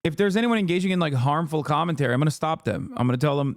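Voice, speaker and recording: A man rants in angry, emphatic commentary, swearing freely. His voice sits somewhat high. The sound is close and dry, with no room around it. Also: lively intonation, racing, dry recording. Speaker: streamer reacting to clips. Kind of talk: heated commentary.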